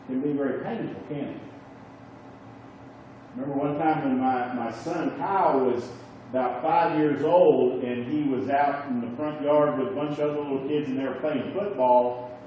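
A man's voice: mid-range voice, mellow. A middle-aged man preaching a sermon in a conversational way, often checking in with his listeners. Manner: conversational, asks the audience "okay?" and "right?". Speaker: pastor. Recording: echoey room from far off, dull and noisy.

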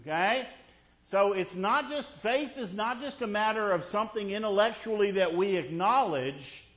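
A man's voice: high voice, normal speed, a bit bright. A man preaching a sermon, emphatic and repetitive, often checking in with listeners by asking "okay?". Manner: emphatic, repeats key words. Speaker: pastor.

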